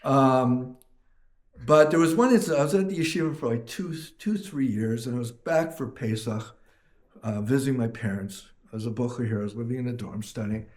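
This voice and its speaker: Jolly rabbi guy from canada, telling stories, mid pitch voice, lots of um and uh. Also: brisk, reverberant. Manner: jolly, warm anecdotes with laughter, frequent fillers. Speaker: rabbi, interview guest. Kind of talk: storytelling interview.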